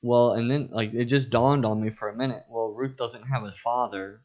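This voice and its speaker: A man's voice: medium pitch, steady tone, normal speed, a little mellow, muffled recording. A man co-hosting a casual Bible study podcast, rambling with fillers and restarts. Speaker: podcast co-host.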